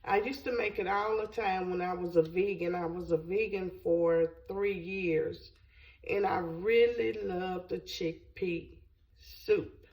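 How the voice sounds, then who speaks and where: A woman hosting her own cooking channel, congested, chatting casually to the camera in a slow, rambling way that repeats phrases. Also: fairly low pitch, steady tone, a little mellow, recorded from a distance, poor audio.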